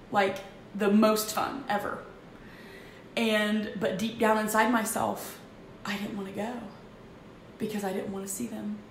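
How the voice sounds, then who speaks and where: A woman in her thirties speaks at home in a medium-pitched voice, halting and restarting as she confides. The room is echoey, with a faint hum of noise behind her. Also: fairly bright tone. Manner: halting, emotional, frequent restarts. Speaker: vlogger. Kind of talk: candid personal confession.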